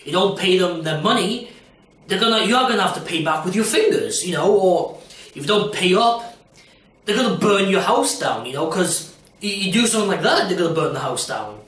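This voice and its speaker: A man's voice: sits high, expressive, fairly quick, fairly bright tone, distant mic. Rambling young man in an echoey room. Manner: rambling, jokey, lots of "you know". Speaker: aspiring performer. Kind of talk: casual self-recorded audition talk.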